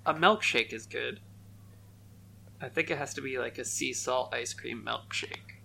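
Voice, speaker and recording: A man's voice: medium pitch, unhurried, vocal fry, pushed and bright, slight background noise. A man playing in a tabletop game podcast, talking in a hesitant, laid back way. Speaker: player.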